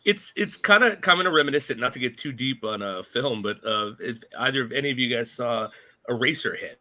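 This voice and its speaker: A man's voice: mid-range voice, lively intonation, brisk, pushed and bright. A man hosting a casual podcast, leading the discussion and passing questions to his co-hosts with enthusiasm. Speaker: podcast host. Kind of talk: casual chat.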